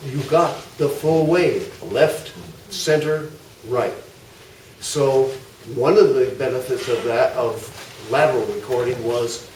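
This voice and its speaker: An older man giving an informal, anecdotal history talk to a club audience, pausing often with fillers and asides. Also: mid-range voice, a little mellow. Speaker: guest speaker. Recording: echoey hall, mic far off, faint noise.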